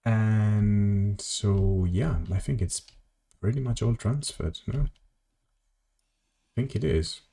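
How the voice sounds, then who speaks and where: A man's voice: lowish voice, takes it slowly, long pauses, dark tone. A man streaming a game from his home office, chatting casually and rambling as he plays, correcting himself and answering chat. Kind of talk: casual gameplay commentary.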